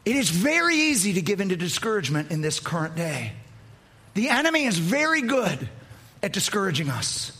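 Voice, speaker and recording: A pastor preaching a sermon, telling the story emphatically with repetition. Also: male voice, high voice, very animated, fairly quick, bright, forceful tone, breathy edge.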